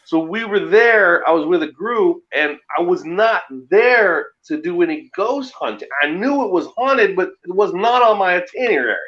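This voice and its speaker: A man telling a ghost story in a casual, animated way, laughing often. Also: sits high, moderate pace, few pauses, lo-fi sound. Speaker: guest.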